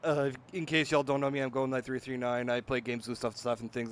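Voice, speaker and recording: A man's voice: mid-range voice, a little fast, hardly any pauses, a little hiss or hum. Rambling, jokey male game streamer. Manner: rambling, jokey, talks to himself while playing. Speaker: gaming streamer. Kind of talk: casual let's-play commentary.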